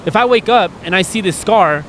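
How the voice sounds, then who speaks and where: A man's voice: sits high, animated, a little fast, fairly bright tone, slight background noise. A man co-hosting a podcast, talking earnestly and emotionally in a rambling, candid way. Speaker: podcast co-host.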